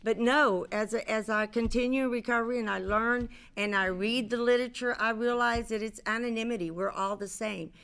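A middle-aged woman with a bright, sharp-edged voice shares her personal story from a convention stage. Her talk is candid and loose, full of fillers, restarts and the odd curse word. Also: fairly high pitch, fairly even intonation, a little fast, creaky, hardly any pauses, clear, resonant tone. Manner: candid, rambling, many fillers and restarts, casual swearing. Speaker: speaker at a recovery convention.

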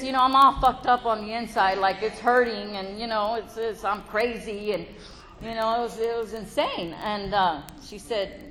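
A woman's voice: mid-range voice, normal speed, fairly bright tone. A middle-aged woman giving a candid personal testimony to a meeting, frank and laughing often, swearing freely. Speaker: recovery meeting speaker. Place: meeting room with an audience. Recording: faint crowd and background noise.

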